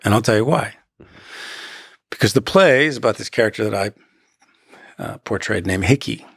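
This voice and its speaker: Low gravelly man telling stories. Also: animated, a bit bright, dry recording, studio quality. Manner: measured, halting, with dramatic pauses and quoted asides. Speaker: podcast guest, actor. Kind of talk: reflective interview storytelling.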